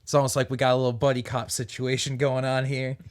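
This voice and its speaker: A man's voice: mid-range voice, little pitch movement, quick pace, close to an everyday voice. A jittery drifter just back from the dead drawls along in a put-on Southern accent, as a man plays him in a tabletop game. He is stiffly polite and jumpy, in an ordinary mid-range voice. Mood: drawling. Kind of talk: tabletop role-play in character.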